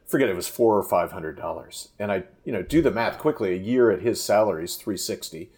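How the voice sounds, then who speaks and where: A man with a fairly low voice, speaking as a guest in a relaxed conversation. He is a fishing guide who tells long, animated stories and often breaks off and restarts his sentences. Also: fast talker. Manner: rambling, animated anecdotes with frequent restarts. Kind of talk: casual storytelling in a podcast interview.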